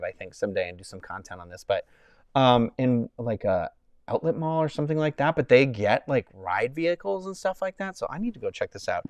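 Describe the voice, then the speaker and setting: A man's voice: mid-range voice, no echo. A young man chatting casually to viewers on a live stream, rambling and heartfelt, with many fillers and restarts.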